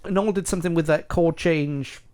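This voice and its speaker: A man's voice: fairly high pitch, moderate pace, smooth. Opinionated British man ranking songs. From United Kingdom. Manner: opinionated, animated, with many restarts. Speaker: podcast co-host. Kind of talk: casual chat ranking songs.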